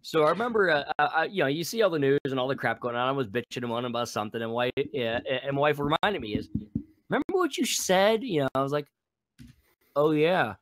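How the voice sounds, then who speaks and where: A man's voice: mid-range voice, expressive, very fast, hardly any pauses, a bit bright, no room sound. A married man co-hosting a podcast, joking and swearing as he tells a story. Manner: joking, profane, self-mocking. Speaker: podcast co-host. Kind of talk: casual chat.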